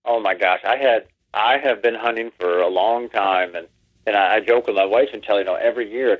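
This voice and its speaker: A man from Pennsylvania, a guest on a podcast, speaking by phone in a measured way with many ums. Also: fairly low pitch. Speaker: podcast guest, wildlife outreach director. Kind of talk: casual interview talk. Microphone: phone call. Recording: tinny phone line.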